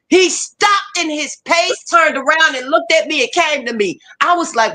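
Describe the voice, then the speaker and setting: High-voiced, profane woman telling stories. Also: normal speed, hardly any pauses. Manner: profane, lively storytelling, laughing often. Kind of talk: casual storytelling chat.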